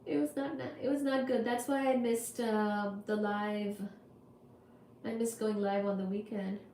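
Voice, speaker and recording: Slow-talking woman streamer in an echoey room. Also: mid-range voice, fairly even intonation, warm tone, slight background noise. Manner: chatty and apologetic, reads viewer comments aloud. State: recovering from illness. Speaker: livestream host teaching physics. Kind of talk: casual livestream chat with viewers. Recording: echoey room with faint ambience.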